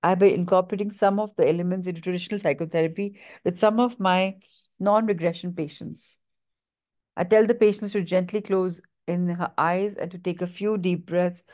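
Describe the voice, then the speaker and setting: Woman reader, low warm voice, measured steady read-aloud pace. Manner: measured, steady reading with small stumbles. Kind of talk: reading a book aloud.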